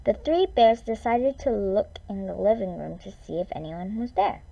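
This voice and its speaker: A woman reading a children's story aloud in an expressive, drawn-out way. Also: mid-range voice, creaky, highs cut off.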